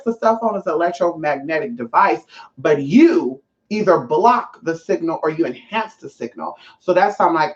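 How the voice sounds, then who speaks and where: A woman's voice: deep voice, darkish tone, muffled recording. A woman hosting a livestream from home as a spiritual teacher. She talks in a casual, sassy and emphatic way and swears freely.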